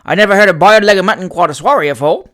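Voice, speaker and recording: A cheeky young manservant, as a male reader puts him on, sly and deadpan in his banter. The voice sits a little high and jumps about, louder and brighter than the plain narration. It is a storybook turn with quick, dry wit. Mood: wry.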